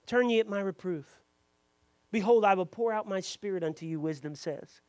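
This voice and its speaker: High-voiced impassioned male preacher. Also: moderate pace, a little mellow, no room sound. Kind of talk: sermon.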